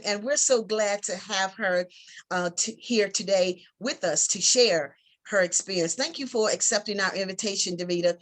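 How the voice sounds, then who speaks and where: A woman's voice: mid-range voice, a bit bright. A woman hosts an online talk show and introduces her guest. She sounds upbeat and encouraging, with an everyday speaking voice. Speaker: host.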